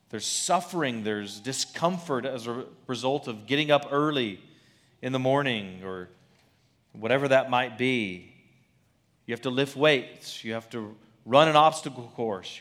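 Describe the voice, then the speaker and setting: Male pastor, mid pitch, relaxed conversational sermon delivery. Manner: conversational, asks "right?" often, with restarts. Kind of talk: expository sermon.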